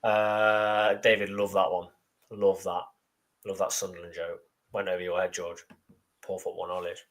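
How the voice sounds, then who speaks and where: A man with a fairly low voice co-hosts a live football fan show. He chats casually, reads out viewer comments and slips in dry, deadpan jokes. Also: moderate pace. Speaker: podcast co-host.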